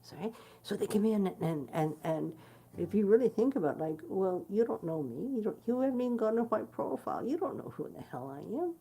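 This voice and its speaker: A woman's voice: medium pitch, expressive, fairly quick, gravelly, dark tone, breathy edge. A woman musician talking casually to her followers, blunt and swearing freely, with many fillers and restarts. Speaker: guitarist hosting her own stream. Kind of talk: casual direct-to-camera chat.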